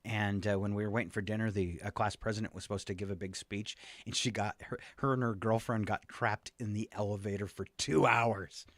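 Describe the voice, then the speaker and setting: A man's voice: on the low side, fairly even intonation, a bit bright, dry recording. A man co-hosting a morning radio show, bantering and teasing through a trivia game from a studio microphone. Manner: joking, teasing, quick to laugh.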